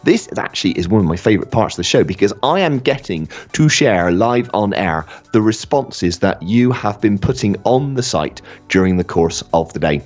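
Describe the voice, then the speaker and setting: Brief: deep-voiced male radio co-host, husky and animated, on muffled lo-fi audio with faint music underneath. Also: normal speed, hardly any pauses. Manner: expressive, enthusiastic. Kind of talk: live radio presenting and story reading.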